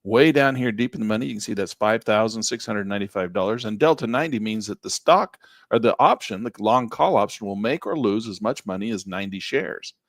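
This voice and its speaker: A middle-aged man giving a live trading lesson in a folksy, upbeat way, losing his voice and clearing his throat. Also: fairly low pitch, a little fast, no echo, studio quality. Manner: folksy, upbeat, talks while clicking through charts. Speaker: trading instructor.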